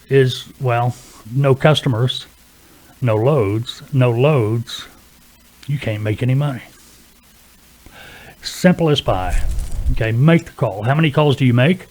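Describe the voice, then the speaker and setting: A man's voice: medium pitch, a little mellow. A man teaching freight brokering in a plain-spoken, coaching manner, often checking in with "okay" as he explains. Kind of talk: instructional talk to camera.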